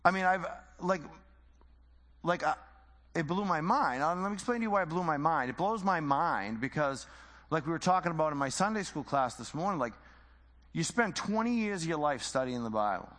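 A man's voice: fairly high pitch, lively intonation, a little fast, fairly bright tone, big-room sound. A man teaching the Bible informally, conversational and full of rhetorical questions and repeated phrases.

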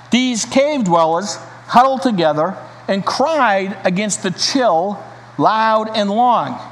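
A man preaching a sermon and reading a story aloud, in an earnest, emphatic manner. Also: high-pitched. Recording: reverberant hall, faint hiss.

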